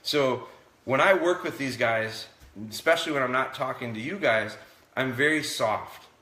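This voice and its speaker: A man runs a live dog training session, explaining each step to viewers in a relaxed way. His voice is bright and forward. The room around him rings with echo. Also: medium pitch, moderate pace. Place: indoors.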